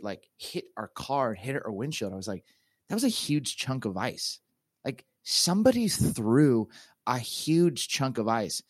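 A middle-aged pastor and author tells a story during a casual interview, speaking animatedly but haltingly with many fillers and restarts. His voice is medium-pitched, and the studio sound is clean with no echo.

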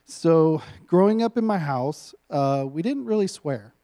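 A man in his thirties gives a guest sermon with a mellow, warm voice. He keeps it light and self-mocking and laughs often between lines. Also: on the high side, animated, measured pace. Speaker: guest preacher.

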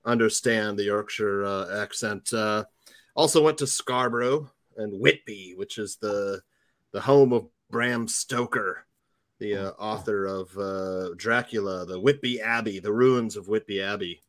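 A man's voice: fairly low pitch, measured pace, a bit bright, no echo. A man in casual chat, enthusiastic and rambling with many fillers.

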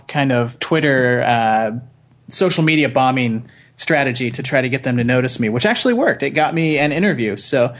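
Easygoing man guesting on a podcast. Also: mid-range voice. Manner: easygoing, halting with fillers. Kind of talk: casual podcast chat.

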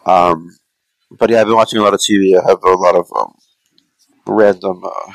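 A man with a very low, gravelly voice, talking loosely and rambling through a casual podcast chat. He leans on fillers and drifting asides. The sound is close and dry. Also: fairly even intonation, normal speed, pauses often, no echo, poor audio. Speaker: podcast co-host.

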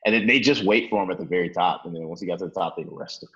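Laid-back low-voiced man, quick talker. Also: bright, forceful tone, muffled recording. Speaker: podcast guest. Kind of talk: casual interview chat.

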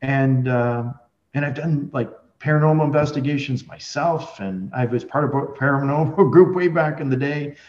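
A man's voice: mid-range voice, moderate pace, a little mellow. Man telling a story in a roomy, dull recording. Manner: rambling, with many restarts and fillers. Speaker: podcast guest, medium. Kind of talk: conversational storytelling.

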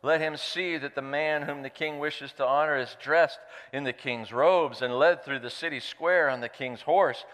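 A pompous, boastful royal schemer whose smooth, resonant voice rolls through a long hall echo, as a preacher puts him on. He talks with self-important grandeur. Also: on the high side, fairly even intonation, normal speed, few pauses, a bit bright, natural voice.

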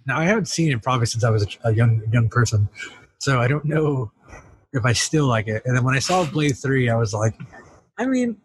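A man's voice: mid-range voice, expressive, fairly quick, slight background noise. A man co-hosting a podcast, chatting casually and joking, often laughing and acting out little scenes. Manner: jokey, laughs often, acts out bits. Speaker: podcast co-host. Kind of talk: casual chat.

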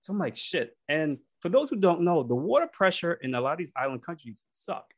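Animated man telling a funny story. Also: fairly high pitch, brisk, breathy edge. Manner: animated, acts out voices in his stories. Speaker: podcast co-host. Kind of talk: casual storytelling.

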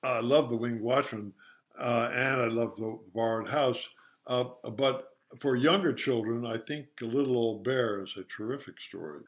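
An older man, an interview guest, retelling a children's story in a halting, casual way with many fillers. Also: medium pitch.

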